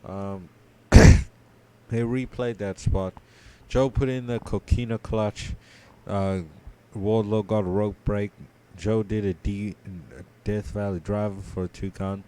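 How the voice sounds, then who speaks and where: A sleepy man co-hosting a podcast, giving a drowsy, low-key play-by-play recap full of ums and uhs. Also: steady tone, takes it slowly, dark tone, clear, resonant tone. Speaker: podcast co-host. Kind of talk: casual match recap.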